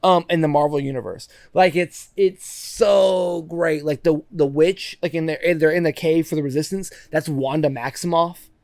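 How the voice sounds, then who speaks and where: A young man with a slightly higher voice chats on a podcast, getting excited and swearing casually as he hypes things up. His voice is close on the mic and the sound is dry. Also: moderate pace, no echo. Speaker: podcast co-host. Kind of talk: casual chat.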